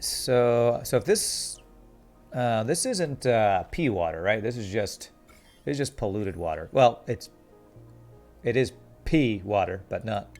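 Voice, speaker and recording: An American man giving relaxed, chatty commentary while playing a game and reading his chat aloud. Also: fairly low pitch. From United States. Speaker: game streamer. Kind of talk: casual gameplay commentary. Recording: faint music behind.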